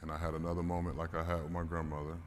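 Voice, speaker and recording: A man's voice: sits low, little pitch movement, rapid-fire. A man giving a candid, emotional storytelling talk at a conference, swearing and laughing now and then. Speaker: conference speaker. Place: large conference hall. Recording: reverberant hall with faint noise.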